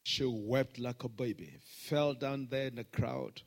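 A middle-aged man preaching a sermon, swinging between shouted proclamations and hushed storytelling. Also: mid-range voice, unhurried, gravelly, few pauses. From Nigeria. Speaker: pastor.

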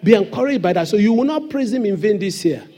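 A man's voice: sits high, animated, fast, dark tone. A man preaching a sermon as pastor in a church, with emphatic call-and-response questions to the congregation.

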